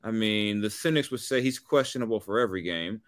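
A man co-hosting a sports talk show, rambling and animated, with many restarts. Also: fairly low pitch, a little fast, dry recording. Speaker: sports radio co-host.

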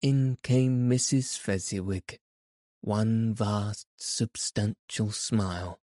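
A man narrating a classic story in an expressive, measured audiobook reading. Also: fairly low pitch, no room sound, studio quality.

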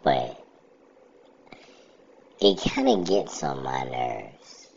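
A man's voice: very deep voice, wildly swooping pitch, extremely slow, vocal fry, highs cut off, a little hiss or hum. A man in casual chat, ranting bluntly about things that annoy him.

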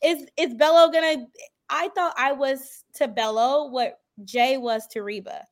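Woman guest, bright high register, lively raconteur who performs the dialogue in her anecdotes, casual interview. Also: a little slow. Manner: animated storytelling, acting out quoted dialogue; emphatic, swings up sharply when excited. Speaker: reality show contestant guest.

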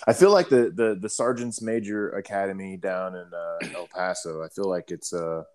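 A middle-aged man talks in an easygoing, casual way, his voice sitting fairly low. He swears freely and tells army stories, acting out the other people's lines as he goes. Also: moderate pace, a little mellow. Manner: laid-back, profane storytelling with quoted dialogue. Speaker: army veteran telling stories. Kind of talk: casual chat.

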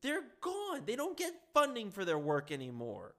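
High-voiced, animated ranting man. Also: moderate pace. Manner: sarcastic, profane, heated. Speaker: political commentator. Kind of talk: ranting solo commentary.

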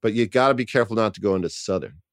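A man's voice: lowish voice, very fast, no room sound, clean studio sound. A man in his sixties from New York City, a guest in a casual interview, talking in a reflective, thoughtful way. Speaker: actor guest.

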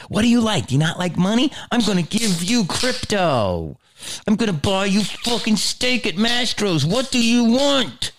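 A man's voice: high-pitched, fairly bright tone. A middle-aged man comedian ranting in a heated, profane, swaggering way.

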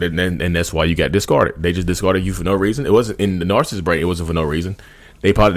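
A man talking straight to his viewers in a casual, informal way, often restarting and repeating his phrases. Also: low voice. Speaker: vlogger speaking about narcissism. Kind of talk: casual direct-to-camera talk.

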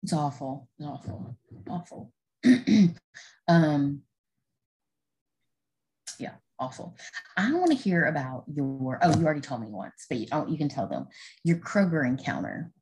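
A woman chats on a podcast, relaxed and agreeable, laughing easily. Her voice sits very low for a woman. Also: a little slow, pauses often, low-quality recording. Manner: laid-back, agreeable, easy laughs. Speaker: podcast co-host. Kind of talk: casual chat.

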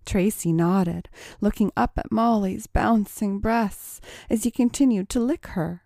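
A woman narrating an erotic audio story in a slow, sultry reading. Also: mid-range voice, vocal fry, warm tone, no echo, studio quality.

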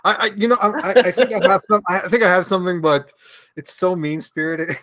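A man's voice: high voice, fairly quick, dry recording. Laughing Venezuelan man, swears freely. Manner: relaxed, hesitant, laughs often, swears freely. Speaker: guest, comic creator. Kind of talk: casual interview chat.

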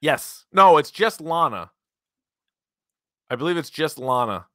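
A man's voice: a little high, lively intonation, unhurried, bright, forceful tone, no echo. A man hosting a casual podcast, dry and blunt, with a joking tone. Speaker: podcast host. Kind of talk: casual chat.

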